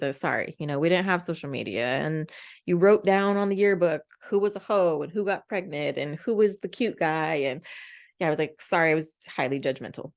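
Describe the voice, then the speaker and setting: A woman's voice: low-pitched, brisk. A woman in her forties, a podcast host, telling a candid, emotional personal story with many fillers.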